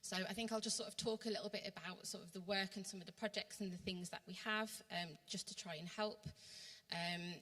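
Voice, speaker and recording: A woman's voice: medium pitch, fairly even intonation, fairly quick, bright, forceful tone. A woman with a West Midlands English accent giving an earnest workshop talk as a council worker, with many ums and restarts. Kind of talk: workshop presentation. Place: church hall. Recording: long reverb from a hall.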